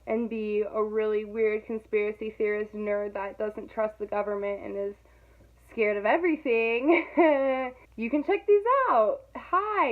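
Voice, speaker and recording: A young woman vlogging casually to camera, animated and dramatic, laughing often and mocking her own overreacting. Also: mid-range voice. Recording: tinny phone-like sound.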